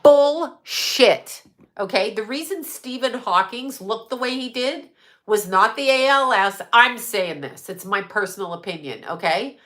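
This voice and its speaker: A woman hosting a livestream rants heatedly and unscripted, swearing a lot and restarting as she rambles. Her mid-range voice is bright and forceful, with lively intonation at a moderate pace.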